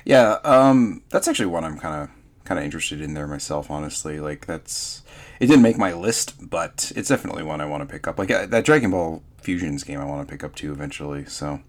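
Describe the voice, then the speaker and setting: Man, podcast host, very low voice, relaxed rambling chat, lots of "uh"s. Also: a little fast. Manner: laid-back, many fillers and trailing-off asides. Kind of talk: casual chat.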